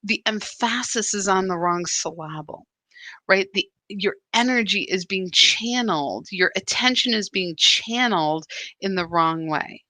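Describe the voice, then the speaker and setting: A woman leads a live spiritual session in a bright, forward voice. She talks in a lively, chatty way and keeps checking in with "right?". The sound is close and dry. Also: medium pitch, unhurried, no room sound. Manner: animated, chatty, full of "right?" asides. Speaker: spiritual guide leading a live practice. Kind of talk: live-stream spiritual talk.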